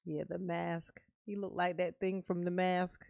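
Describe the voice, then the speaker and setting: Slow-talking gravelly woman streamer. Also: on the low side, level tone, a little mellow, dry recording. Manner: laid-back, swears freely, breaks into laughter. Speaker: livestream host reading viewer comments. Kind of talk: casual livestream chat.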